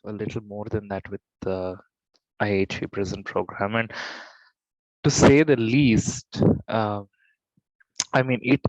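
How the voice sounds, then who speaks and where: A man's voice: fairly low pitch, steady tone, a little slow, pauses often, no room sound, dull audio. A man on a video call, speaking hesitantly with restarts about his volunteer teaching. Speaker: volunteer prison program teacher. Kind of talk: casual talk on a video call.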